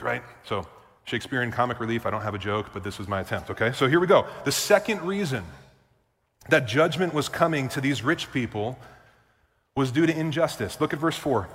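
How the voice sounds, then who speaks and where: A male pastor preaching with emphatic repetition and casual asides to the congregation, his voice sitting at a middle pitch. His words carry a long hall reverb in a church sanctuary. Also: normal speed, fairly bright tone. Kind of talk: sermon.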